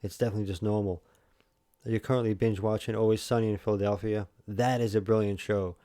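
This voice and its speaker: A man's voice: lowish voice, steady tone, fast talker, mellow, no echo, studio quality. A man with a New York accent, chatting casually to his viewers while streaming a game, rambling with lots of fillers and restarts. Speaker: livestream host. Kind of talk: casual livestream chat.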